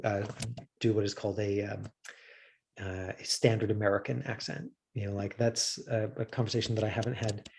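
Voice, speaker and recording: This man's mid-range voice is a little mellow and husky as he teaches acting on camera. He talks loosely and digressively, often restarting and leaning on filler words.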